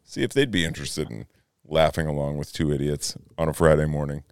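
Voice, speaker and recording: Casual podcast co-host, male, low and resonant voice, dry close sound, relaxed storyteller. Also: a little fast, dry recording. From United States. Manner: laid-back, swears freely, laughs often. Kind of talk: casual chat.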